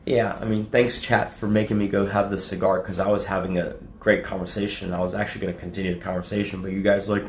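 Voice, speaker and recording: A young adult man streaming casually to his chat, profane and rambling, laughing often and acting out quotes in a high mocking voice. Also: flat delivery, fast talker, few pauses, reverberant, slight background noise. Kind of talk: casual livestream talk to chat.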